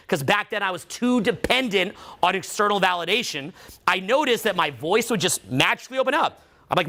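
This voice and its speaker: A male vocal coach leads a live workshop for a room of students. His voice sits high for a man and comes across bright and forceful. He keeps his delivery animated and breaks into loud demonstration voices as he explains. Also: a little fast.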